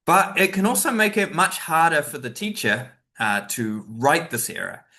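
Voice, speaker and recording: A man with a medium-pitched, sharp-toned voice presents a teacher-training webinar in a chatty manner. He uses lots of fillers and tangents, and at times he dramatizes example sentences with emphatic stress.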